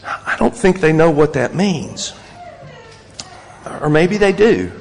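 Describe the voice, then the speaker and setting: A man's voice: fairly high pitch, slow, creaky, a little hiss or hum. Male pastor preaching in a hall. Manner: animated storytelling, repetitive emphatic lists. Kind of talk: sermon.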